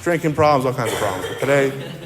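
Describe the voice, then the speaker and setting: A man's voice: mid-range voice, animated, quick pace, background noise. Male speaker at a recovery meeting, middle voice, candid and rambling, with long reverb from the meeting hall. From central New Jersey. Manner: rambling, candid, self-deprecating. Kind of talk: personal recovery talk.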